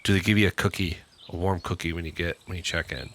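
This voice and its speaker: A man co-hosting a casual podcast chat, joking around with deadpan one-liners. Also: sits low, quick pace. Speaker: podcast co-host.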